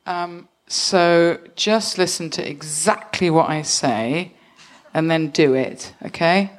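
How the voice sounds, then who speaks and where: A woman's voice: low voice, slow. An English woman co-hosting a comedy podcast, playfully acting out scenes and voicing several characters. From England. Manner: playful, giggly, swaps voices for characters. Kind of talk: improvised comic scene reading.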